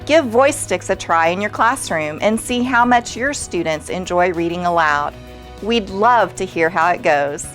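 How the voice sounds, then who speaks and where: Woman, scripted narration, lowish voice, clear and measured, faint music behind. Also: expressive, fairly bright tone. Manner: clear, measured explanatory delivery. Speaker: narrator of a teaching video.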